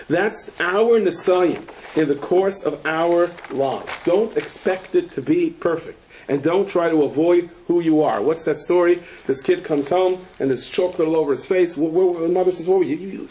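A man, a rabbi, giving a Torah lecture full of stories and Hebrew and Yiddish terms. He tells them with animation and breaks into shouts at the punchlines. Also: fairly high pitch, normal speed, hardly any pauses, poor audio. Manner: sprinkles Yiddish and Hebrew terms, frequent restarts.

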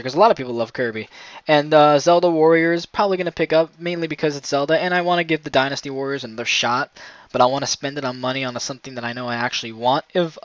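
A man's voice: medium pitch, fairly bright tone, no echo. A man casually chatting about video games in his vlog, rambling, with many fillers and restarts. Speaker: gaming vlogger. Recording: dry, dull lo-fi sound.

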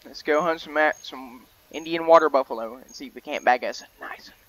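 A man's voice: fairly high pitch, a little fast, fairly bright tone, no room sound, low-quality recording. Chatty young man, dry close mic. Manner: rambling, chatty, self-correcting. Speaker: gaming video host. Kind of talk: casual gameplay commentary.

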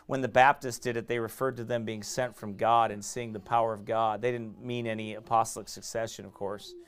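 A middle-aged pastor, preaching a sermon in fiery, emphatic bursts that swing from quiet asides to raised shouts. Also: male voice, fairly low pitch, level tone, fairly quick, clean tone.

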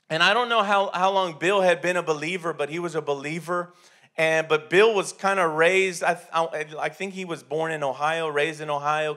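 A man's voice: on the high side, pushed and bright. A man preaching a sermon in a church, talking conversationally with many restarts and repeated words. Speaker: pastor.

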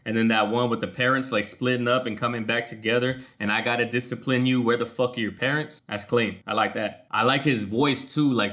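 A man hosting a reaction video, excitedly unpacking wordplay line by line in casual commentary. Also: fairly low pitch.

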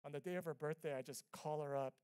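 A man preaching a sermon as pastor, telling a personal story with earnest, conversational delivery, swinging between soft and loud passages. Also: a little high, fairly even intonation, fast, clean tone. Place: church sanctuary.

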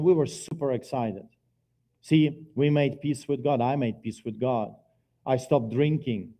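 A middle-aged man preaching a personal testimony at a church service, earnest and by turns quiet and forceful. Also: mid-range voice. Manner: earnest, swings between quiet and loud. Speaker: guest preacher giving testimony. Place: church sanctuary, live service.

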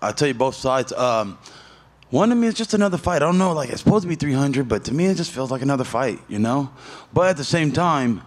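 A man's voice: medium pitch, fairly quick. Loose, profane man telling a story. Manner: loose, profane storytelling with animated voiced asides. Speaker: fighter at media day. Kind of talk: casual media interview. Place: media day event.

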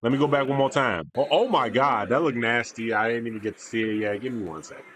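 A man's voice: mid-range voice, fast, a bit bright, slight background noise. A young man giving casual, slangy reaction commentary on a basketball video, with mumbled asides. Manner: laid-back slangy banter, mumbles asides.

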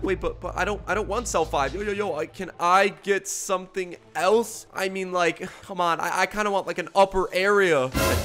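A man commentating his own gameplay, excitable and animated, swinging between dread and delight. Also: high voice, normal speed, hardly any pauses, soft background music. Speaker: gaming YouTuber. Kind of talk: gameplay commentary, reading out other players' chat in put-on voices.

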